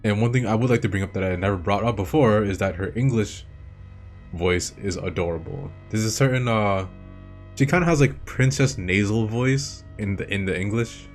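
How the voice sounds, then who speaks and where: Brief: young male host, casual rambling commentary, lowish voice, soft music behind. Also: moderate pace. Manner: enthusiastic, swears often, repeats himself. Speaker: video host. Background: faint game music.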